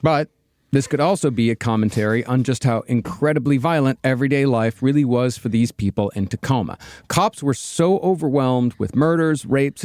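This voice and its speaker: A man's voice: medium pitch, a little mellow, no room sound. A man hosting a podcast, reading a researched true-crime account with dry asides between co-hosts' banter. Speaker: podcast host narrating a true-crime case.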